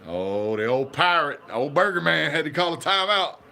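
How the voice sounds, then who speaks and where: A man, reacting live to a football game as a fan channel host, chatty and excitable with a drawl. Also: fairly high pitch, moderate pace, gravelly.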